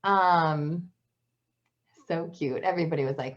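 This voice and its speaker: A woman's voice: lowish voice, normal speed. A woman hosting a live stream who laughs often and reads out viewer comments. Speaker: host. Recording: slightly dull lo-fi sound.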